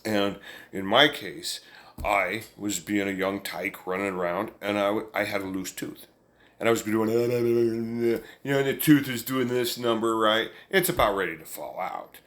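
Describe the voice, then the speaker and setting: A man's voice: lowish voice, measured pace, a bit bright. A man telling a family story in a casual, folksy, rambling way, chuckling along as he goes. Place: indoors, room with an amplifier.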